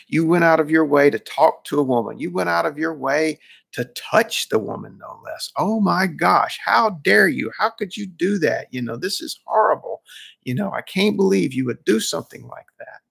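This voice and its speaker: A man's voice: on the high side, expressive, normal speed, gravelly, fairly bright tone, breathy edge, voice pushed up, full character voice. A man voicing an indignant young monk who scolds his elder in a sputtering rush.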